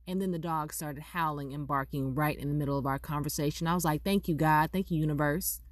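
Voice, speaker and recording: A woman vlogger telling a personal story in a casual way, acting out both sides of the conversation with lively delivery. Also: sits low, fairly quick, hardly any pauses, no echo, studio quality. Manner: animated, acts out both sides of a dialogue.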